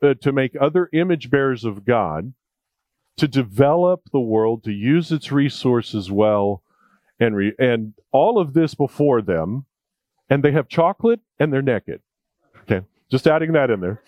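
A man's voice: medium pitch, expressive, measured pace, a little mellow, no echo. Conversational male preacher, dry sound. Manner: conversational, jokey, with emphatic repetition. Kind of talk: sermon.

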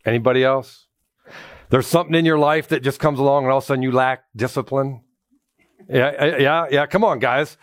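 A man's voice: medium pitch, fairly quick, dry recording, clean studio sound. A man preaching a conversational sermon in a church, telling personal stories with jokes and calling out to the congregation. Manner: joking, animated storytelling with congregation call-outs. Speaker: pastor.

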